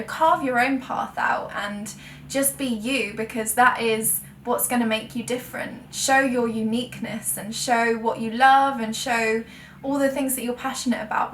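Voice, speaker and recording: A woman's voice: fairly high pitch, fairly bright tone. A young woman, chatting frankly to camera as a full-time blogger, self-correcting and laughing at her own word slips. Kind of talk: frank sit-down chat to camera. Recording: echoey room, mic at a distance, faint ambient noise.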